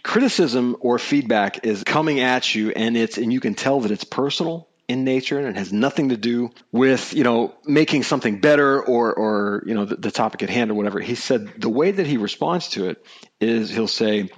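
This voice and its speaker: A male host in a relaxed conversational interview. He thinks aloud in a measured way and often laughs. His voice sits at an ordinary middle pitch. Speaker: podcast host.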